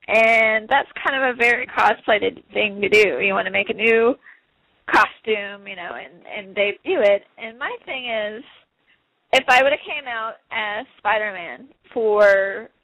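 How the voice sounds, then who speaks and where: A woman's voice: medium pitch, bright, forceful tone, dry recording, rough recording. A young woman in a casual interview, talking in a bubbly, quirky way and laughing often. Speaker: interview guest, wrestler. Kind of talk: casual chat.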